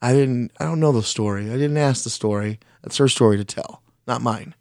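A blunt, foul-mouthed man spins a personal story in a loose, conversational way, stumbling and restarting as he goes. His voice sits at an ordinary mid pitch. The sound is close and dry, with no room around it. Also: fairly quick, darkish tone, no room sound. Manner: blunt, profane, self-deprecating, restarts often; speaks his mind plainly. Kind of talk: casual spoken storytelling.

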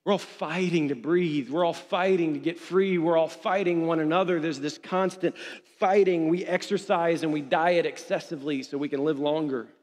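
Guy preaching a sermon, high voice, gets loud and passionate, echoey church hall. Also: steady tone, moderate pace. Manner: passionate, builds to shouting refrains. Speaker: pastor. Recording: long hall reverb.

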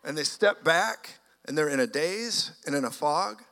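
Animated man preaching in a church. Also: a little high, unhurried, vocal fry. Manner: animated, shifts from loud exclamations to hushed storytelling. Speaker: guest preacher. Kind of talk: energetic sermon with storytelling. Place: church sanctuary. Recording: long church hall reverb.

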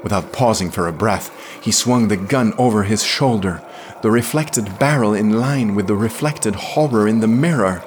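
A man reading a pulp science fiction story aloud, dramatic and expressive. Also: on the low side, normal speed, a little hiss or hum. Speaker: podcast reader.

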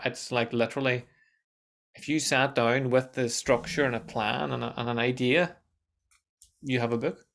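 A man hosting a casual podcast conversation, animated and swearing freely. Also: mid-range voice, creaky. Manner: animated, swears, quick asides.

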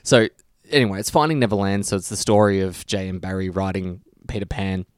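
A man co-hosting a podcast, chatting casually and animatedly, often laughing and rising in pitch when excited. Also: a little fast, clean tone, no room sound, studio quality. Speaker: podcast co-host. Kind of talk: casual chat.

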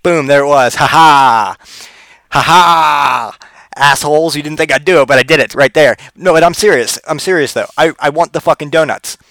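A man's voice: a little high, fast, hardly any pauses. A man with a slightly raised voice hosts his own show, rambling through profane anecdotes. He acts out the other people in his stories as he goes. The sound is close and dry, with no room echo. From Pennsylvania, US. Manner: rambling, crude, animated with voiced quotes. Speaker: podcast host. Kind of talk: profane comedic storytelling.

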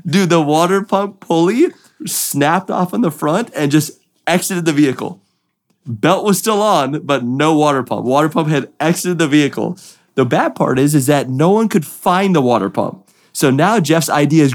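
A young man with a slightly high voice tells a racing story. He gets animated and keeps breaking into excited impressions of his teammates. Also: normal speed. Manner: excited, acts out voices in quotes. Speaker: drift driver, podcast guest.

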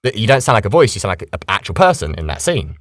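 A British man, a voice actor, chatting casually in an interview and explaining things in a lively, animated way. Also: lowish voice, fast. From Britain. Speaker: voice actor guest.

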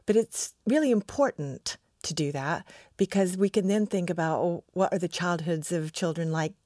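A woman's voice: lowish voice, moderate pace, a little mellow, no echo, studio quality. Enthusiastic American woman guest. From United States. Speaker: research scientist, guest. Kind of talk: podcast interview.

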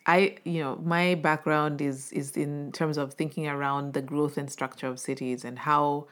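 A woman's voice: low voice, fairly even intonation, normal speed. A woman hosting a podcast, encouraging her guest with affirmations and a loose, filler-heavy way of talking. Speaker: podcast host. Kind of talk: casual interview conversation.

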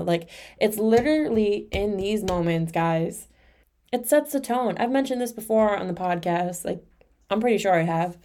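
A young woman talks straight into her podcast mic in a loose, confessional flow. She is candid and emotional, sprinkling in casual swearing and filler words, and her pitch sits in an ordinary middle range for a woman. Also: expressive, moderate pace, dark tone. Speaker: podcast host.

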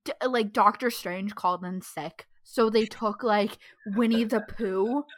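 A woman's voice: mid-range voice, unhurried. A woman co-hosting a podcast in casual chat, reacting with laughs and casual swearing. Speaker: podcast co-host.

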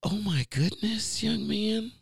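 A man's voice: high voice, lively intonation, takes it slowly, creaky, breathy edge, no room sound, clean studio sound, pitched above the performer's own voice, exaggerated voice. A man doing a startled, gushing church lady. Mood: astonished.

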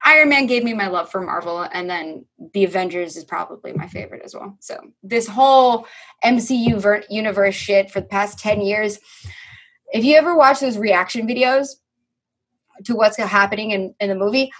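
A young woman, a podcast guest, telling stories in a lively, animated way, acting out quotes and swearing casually. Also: medium pitch, normal speed. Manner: animated storyteller, acts out quotes, swears freely. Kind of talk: casual conversation.

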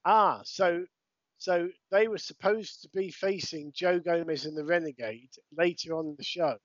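A chatty British man talks casually through a wrestling watch-along, with a voice sitting a little high for a man. The sound is dry and slightly dull, like a home podcast setup. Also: normal speed, no echo. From United Kingdom. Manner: chatty, explains things for overseas listeners. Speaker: podcast co-host.

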